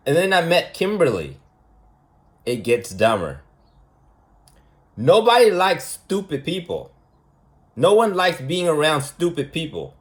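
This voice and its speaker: A man's voice: fairly high pitch, sing-song, unhurried, long pauses. A man talking as a preschool teacher in a rambling, mocking monologue, repeating his points for emphasis. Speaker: preschool teacher giving a lesson.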